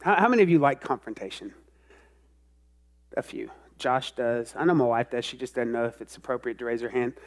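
A man preaching a sermon to a congregation, animated and self-mocking, sometimes bursting into loud outbursts. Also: mid-range voice, fairly quick. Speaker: pastor.

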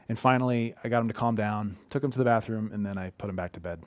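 A pastor in his thirties talks quickly in a lowish voice with fairly even intonation. He gives an earnest, conversational sermon from his living room, full of heartfelt personal stories, recorded without echo.

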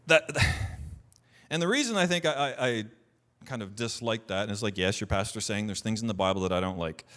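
A man's voice: on the low side, lively intonation, brisk, fairly bright tone. A man, a pastor, preaching a sermon in a conversational way, reading scripture aloud with rising emphasis and often repeating words as he restarts.

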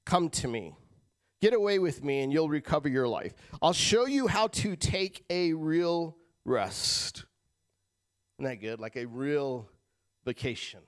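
A man preaching a sermon as pastor, shifting between loud emphatic lines and quiet, casual asides to the congregation. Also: fairly high pitch, big pitch swings, measured pace. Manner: casual, addresses crowd as guys.

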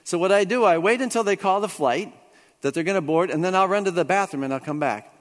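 Guy preaching a sermon, kinda high voice, lots of hall echo, gets loud then goes quiet. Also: quick pace. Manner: storytelling, animated swings from hushed to excited. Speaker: pastor.

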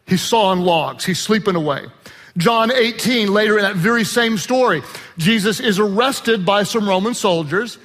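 A male pastor preaching a sermon in a church, animated, with shouted emphasis and joking asides. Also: sits high, normal speed. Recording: long reverb of a large hall.

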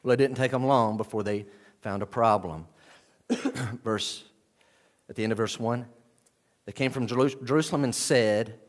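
A man's voice: medium pitch, steady tone, normal speed. A man preaching an expository sermon, explaining a scripture passage verse by verse and voicing the people in it. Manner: emphatic, voices the people in the passage.

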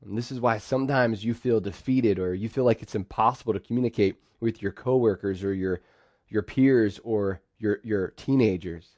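A man with a fairly low voice delivers a sermon in a close, dry recording. He talks in a lively way and now and then acts out quoted phrases in sudden bursts. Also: normal speed, no echo. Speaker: pastor.

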